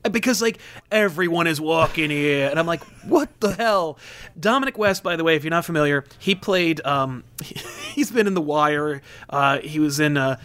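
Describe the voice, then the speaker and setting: A man co-hosting a casual movie-review podcast, animated and riffing, swearing freely. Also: on the high side, brisk, smooth. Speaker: podcast co-host.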